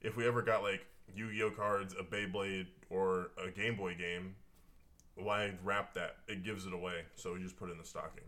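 A man's voice: deep voice, level tone, normal speed, sharp tone. A man in casual chat, telling laid-back anecdotes with some swearing.

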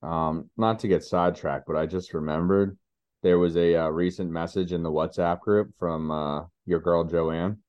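A man's voice: low voice, steady tone, moderate pace, muffled recording. A man co-hosting a podcast in casual chat, speaking frankly about his struggles as a parent. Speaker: podcast co-host.

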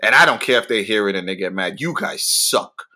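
A young man hosting a podcast, ranting and swearing in an animated, comedic way, his pitch jumping suddenly. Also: brisk. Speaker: podcast host. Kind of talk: profane comedic rant.

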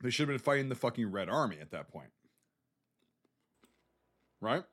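A man's voice: mid-range voice, very animated, normal speed, a bit bright. A man from the United States co-hosting a podcast, talking bluntly and profanely in a rambling casual chat about a film. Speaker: podcast co-host.

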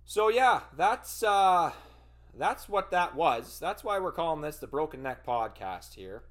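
A man hosting a podcast, telling a personal story in casual, profane, rambling speech. He fumbles for words and breaks into loud, animated bursts. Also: fairly high pitch, a little slow. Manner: animated retelling with loud outbursts. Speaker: podcast host.

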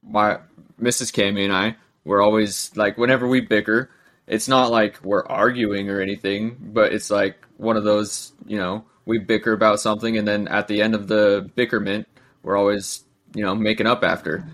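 A man's voice: fairly low pitch, level tone, normal speed, a bit bright. A man co-hosting a casual podcast chat, talking in a rambling, hesitant way. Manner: rambling, hesitant with frequent ums and likes. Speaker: podcast co-host.

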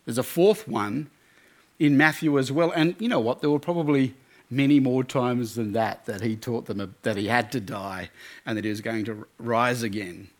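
A man giving a sermon talk at a student camp, telling stories in an animated way with many restarts. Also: medium pitch, moderate pace. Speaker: camp speaker.

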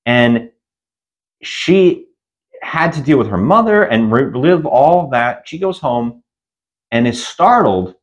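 A man's voice: mid-range voice, sing-song, slow pace, pauses often, lo-fi sound. A man co-hosting a casual podcast, animatedly retelling a film's plot and often slipping into quoted voices. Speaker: podcast co-host. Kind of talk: casual movie review chat.

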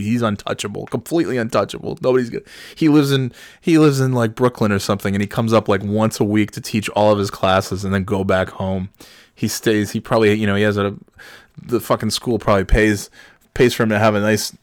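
Lowish male voice, rambling and exasperated, swears freely, dry close sound. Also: no room sound. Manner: rambling, profane, self-correcting and exasperated. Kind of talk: casual storytelling monologue.

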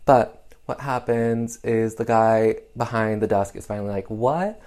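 A man's voice: lowish voice, little pitch movement, normal speed, a little mellow. A man casually recapping an old film, rambling along with lots of fillers and sarcastic asides. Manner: rambling and chatty, full of "um" and "like". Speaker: podcast host reviewing a film.

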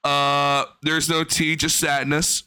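Man doing a sad lonely streamer guy, droning mock cheer, bright crisp voice. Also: on the high side, monotone, slow pace, full character voice, rough recording. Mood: mock welcoming. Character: gloomy lonely adult male streamer talking to his cat.

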